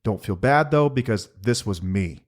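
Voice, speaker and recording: A man's voice: lowish voice, expressive, moderate pace. A man, co-hosting a casual podcast and talking emphatically, with a sarcastic streak. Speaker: podcast co-host.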